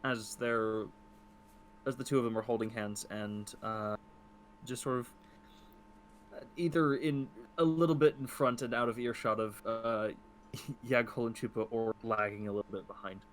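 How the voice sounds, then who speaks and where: A man's voice: medium pitch, steady tone, moderate pace, a bit bright, slight background noise. A man playing a tabletop role-playing game, thinking aloud with plenty of hesitations. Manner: hesitant, many fillers when narrating his character. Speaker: player. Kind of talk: casual tabletop game chat.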